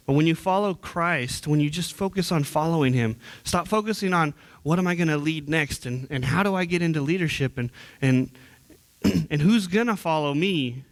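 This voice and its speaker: A young man preaching as a youth minister in church, earnest and conversational, often repeating words and restarting sentences. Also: fairly high pitch. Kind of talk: sermon.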